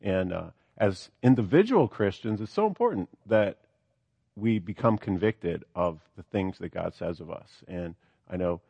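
A man's voice: low voice, expressive, unhurried, gravelly, dark tone, breathy edge, dry recording, dull audio. A man preaching a sermon, reading scripture aloud and then explaining it with earnest, rising emphasis.

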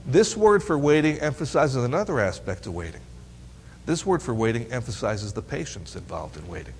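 A man's voice: mid-range voice, moderate pace, a little hiss or hum. Man preaching in a reverberant hall. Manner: asks the audience questions, teasing and lively. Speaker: preacher teaching teens. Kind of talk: Bible teaching sermon.

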